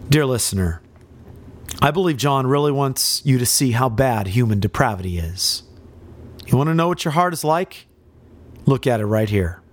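A man's voice: fairly high pitch, no echo. A man preaching a sermon with dramatic emphasis and rhetorical questions.

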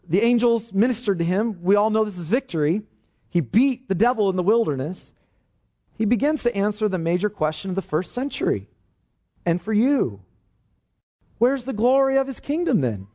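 A man's voice: high voice, mellow. A man preaching a sermon, emphatic and full of rhetorical questions. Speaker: pastor. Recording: dull, lo-fi sermon recording.

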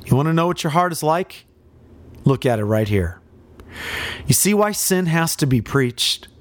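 An impassioned male preacher delivers an expository sermon, throwing rhetorical questions at his listeners. His pitch moves freely up and down. The recording is close and dry, with no room sound. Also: dry recording.

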